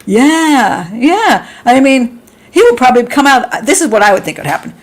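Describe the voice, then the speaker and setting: With a sing-song voice at a moderate pace, a middle-aged woman hosts a live stream. She's chatty, reads viewer comments aloud, laughs a lot, and voices quotes with sudden leaps in pitch.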